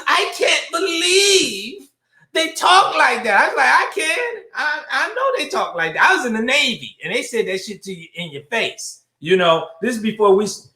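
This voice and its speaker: A man's voice: high voice, pushed and bright, roomy sound. A middle-aged man hosting his own show in a blunt, profane livestream commentary, greeting viewers by name. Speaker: show host.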